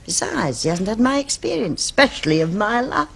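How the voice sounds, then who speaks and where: A wry, worldly woman in a soap opera. Her voice is lively and rises and falls widely. She speaks in a chatty, teasing manner. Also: on the high side, fairly quick, gravelly, slightly rough, exaggerated voice.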